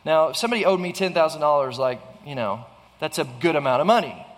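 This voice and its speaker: A man's voice: a little high, lively intonation, quick pace, big-room sound. A man preaching a sermon in an earnest way, often restarting phrases and asking the listeners rhetorical questions. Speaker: pastor.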